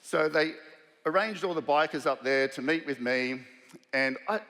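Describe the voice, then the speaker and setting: An Australian man in his fifties gives a keynote in a large, reverberant conference hall, telling humorous, self-deprecating anecdotes in a loose, conversational style. His voice is a little high, bright and forceful, at a moderate pace.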